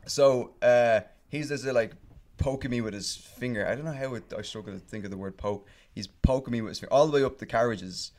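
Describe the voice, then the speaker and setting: A man's voice: mid-range voice, a little fast, a little mellow. A man on a casual podcast chat, telling a long story in a rambling, profane way full of fillers and restarts. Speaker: podcast guest telling stories.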